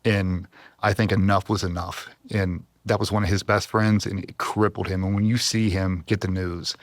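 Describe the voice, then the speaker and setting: A man's voice: on the low side, fairly even intonation, moderate pace, no echo, studio quality. A man, a former Navy SEAL, telling a personal story on a podcast in an intense, heartfelt, emotional way. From US East Coast.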